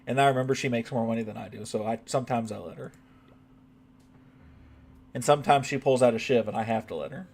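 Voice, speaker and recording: A man's voice: mid-range voice, quick pace, creaky, pauses often, a little mellow. A man chatting casually on a live game stream, joking with his chat and swearing now and then.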